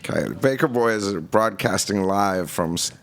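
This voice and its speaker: A man's voice: on the low side, expressive, normal speed, gravelly. A man and former radio program director, telling a story bluntly and casually with lots of swearing, acting out the dialogue. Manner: blunt, profane, acts out dialogue.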